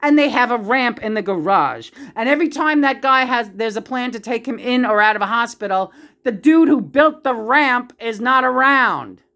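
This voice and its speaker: A woman's voice: a little high, lively intonation, moderate pace, a bit bright. Woman vlogger, casual profane rant. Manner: profane, emotional ranting. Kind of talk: casual monologue.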